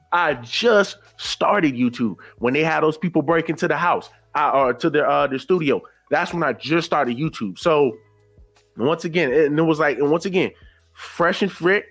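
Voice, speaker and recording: A man's voice: fairly high pitch, a bit bright. A man giving blunt, casual commentary as a YouTuber, often repeating himself as he talks. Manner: blunt, repetitive, conversational.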